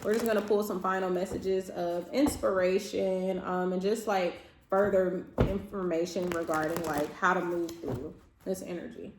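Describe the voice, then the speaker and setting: A woman's voice: fairly low pitch, level tone, normal speed, echoey room, noisy background. A woman who is a tarot reader and therapist, giving a casual reading to camera in an emphatic, repetitive, reassuring way and laughing often.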